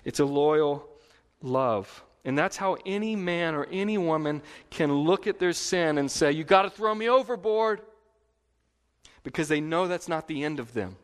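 Pastor, male, fairly high voice, animated conversational sermon, long church reverb. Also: normal speed. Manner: lively, conversational preaching with frequent laughs and emphatic repetition.

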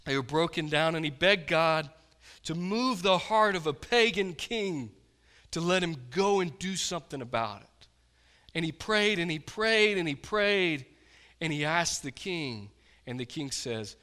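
Male pastor, sermon delivery, bright tone, impassioned with loud-to-quiet swings. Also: a little high, lively intonation, unhurried, in a large hall. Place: church.

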